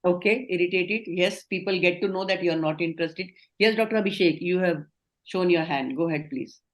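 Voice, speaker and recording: A woman's voice: on the low side, a little fast. A middle-aged woman with an Indian accent, leading an online training session, explaining and affirming answers. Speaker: communication trainer.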